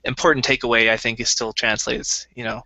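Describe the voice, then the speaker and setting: A man's voice: mid-range voice, level tone, brisk, sharp tone, no room sound. A man co-hosting a podcast in easygoing casual chat, laughing often. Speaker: podcast co-host.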